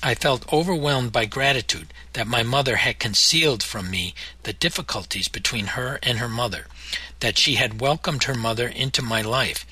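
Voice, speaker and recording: A man narrating his memoir in a measured, somber audiobook reading. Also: medium pitch, bright, forceful tone, breathy edge, dry recording, rough recording.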